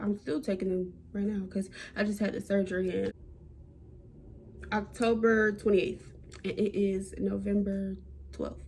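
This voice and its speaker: A young woman telling a personal story to camera in a chatty, animated way. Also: gravelly, slight background noise. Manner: animated, chatty, acts out quotes with big jumps in pitch. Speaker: vlogger.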